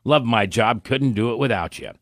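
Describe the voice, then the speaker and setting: A man with a medium-pitched voice hosts a Christian talk radio show at normal speed, recorded with no echo and clean studio sound. He has a cough today and comes across folksy and animated, thinking aloud with many restarts.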